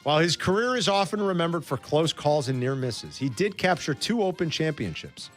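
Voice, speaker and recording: A man hosting a sports radio trivia segment, playful and teasing in quick banter. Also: fairly high pitch, very animated, soft background music.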